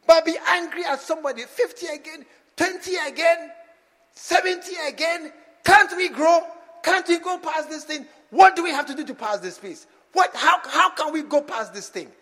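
Fiery preacher man in a reverberant hall. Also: extremely high pitch. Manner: fiery, swinging from soft asides to shouted exhortation. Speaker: pastor. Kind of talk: sermon.

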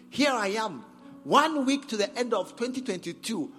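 A man's voice: high voice, very animated, moderate pace, a bit bright. A man with a Ghanaian accent preaching a sermon in church, emphatic and repetitive as he urges the congregation on. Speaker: pastor. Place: church service. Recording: church hall reverb with faint music.

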